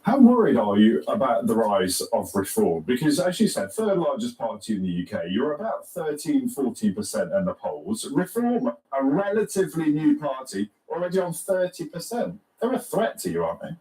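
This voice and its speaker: Male news interviewer, lively probing questions, roomy and distant. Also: mid-range voice, moderate pace.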